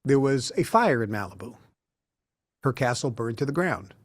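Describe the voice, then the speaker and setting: A man's voice: medium pitch, sing-song, moderate pace, no echo. A man in his sixties, an interview guest in a studio, telling long stories and acting out the dialogue. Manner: anecdotal, acts out quoted dialogue.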